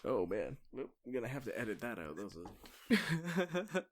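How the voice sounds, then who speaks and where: A man's voice: mid-range voice, big pitch swings, moderate pace. A man co-hosting a podcast in loose, profane casual chat, rambling with restarts. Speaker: podcast co-host.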